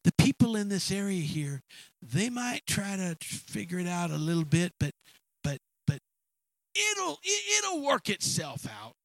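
A man's voice: high voice, sing-song, a little slow, gravelly, no echo. A man preaching a sermon with dramatic storytelling and emphatic repetition.

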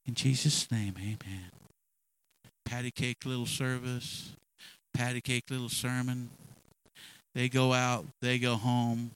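A man's voice: mid-range voice, completely flat delivery, unhurried, fairly bright tone, clear, resonant tone, pitched below the performer's own voice, close to an everyday voice, low-quality recording. A man voicing a smug, self-righteous male churchgoer who prays in a self-satisfied way. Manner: self-satisfied, preening prayer.

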